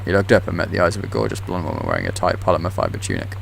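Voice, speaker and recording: A man's voice: low voice, sing-song, rapid-fire, vocal fry, a little hiss or hum. A man streaming a game, commenting dryly and reading documents aloud. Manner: dry, reads documents aloud in a plain tone.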